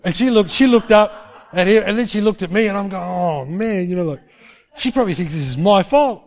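A school chaplain, telling a personal story in an animated, self-deprecating way. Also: male voice, high voice, fairly quick. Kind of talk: storytelling testimony.

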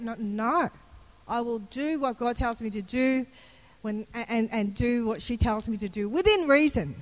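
A woman's voice: fairly high pitch, moderate pace. A woman preacher giving a sermon, telling a personal story in a chatty way and rising into fervent, emphatic preaching. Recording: long hall reverb.

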